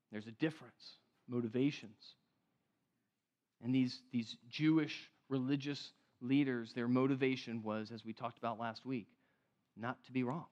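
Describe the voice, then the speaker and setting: A man preaching a sermon as pastor, earnest, slowing down to stress key phrases, rising to emphasis and dropping to a hush. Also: medium pitch, highs cut off. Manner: earnest, rises to emphatic then drops to hushed.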